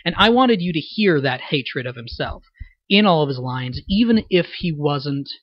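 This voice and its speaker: A man's voice: a little high, expressive, moderate pace, no room sound, highs cut off. A man, a voice actor, giving a thoughtful, explanatory audio commentary about his roles. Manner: thoughtful, explanatory, self-reflective.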